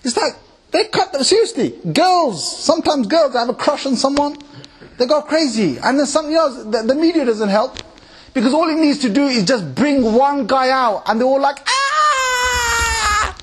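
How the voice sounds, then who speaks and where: A man giving a lecture at a mosque, talking animatedly and checking in with his listeners with quick questions. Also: extremely high pitch, breathy edge. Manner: animated, acts out quoted voices and laughs often. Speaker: Islamic lecturer.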